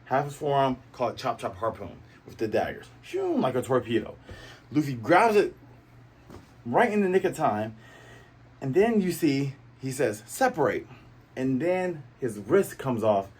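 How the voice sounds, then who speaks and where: Man, casual comic recapper, husky, swoops around with sound effects. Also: medium pitch, measured pace. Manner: animated, full of sound effects. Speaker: manga reviewer.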